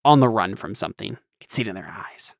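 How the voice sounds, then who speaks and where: A man's voice: fairly low pitch, animated, quick pace, creaky, no echo, studio quality. A young man running a tabletop game as game master, hesitant and full of ums and restarts.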